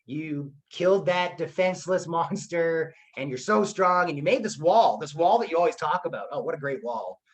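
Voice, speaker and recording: A man's voice: on the high side, lively intonation, normal speed, few pauses, close to an everyday voice. A man voicing a vain, flirtatious goddess who swoons over a hero. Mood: swooning.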